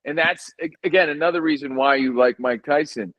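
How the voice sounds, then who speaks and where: Animated, storytelling radio man. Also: fairly high pitch, fairly quick, poor audio. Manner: animated storyteller, lively and emphatic. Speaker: podcast guest, sports radio host. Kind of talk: casual chat.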